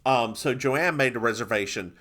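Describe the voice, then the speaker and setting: A man's voice: mid-range voice, normal speed, a bit bright. A young man co-hosting a podcast, casually and playfully retelling a TV episode with mock-dramatic flair. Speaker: podcast co-host. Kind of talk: casual chat recapping a TV episode.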